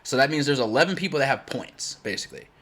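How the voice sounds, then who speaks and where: A man born in Germany, a native German speaker, hosting a game tournament in casual chat, blunt and loud when excited. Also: mid-range voice, fast talker. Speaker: tournament host.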